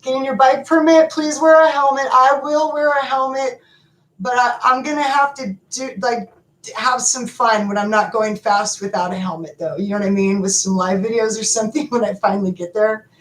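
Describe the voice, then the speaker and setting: A middle-aged woman hosting a live stream, talking to viewers in an animated, emotional and rambling way, often laughing. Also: fairly high pitch, normal speed. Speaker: livestream host. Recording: echoey room with faint background noise.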